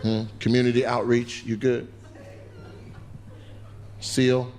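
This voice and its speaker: A man's voice: mid-range voice, flat delivery, takes it slowly. A man doing stand-up crowd work on a club stage, brashly and profanely teasing audience members into a handheld mic. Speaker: stand-up comedian. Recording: noisy live club recording.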